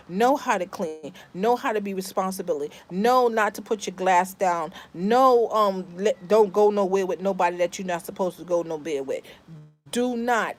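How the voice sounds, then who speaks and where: A middle-aged woman from the Bronx, chatting casually to her vlog viewers, emphatic and repeating herself. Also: medium pitch. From the Bronx, New York. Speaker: family vlogger.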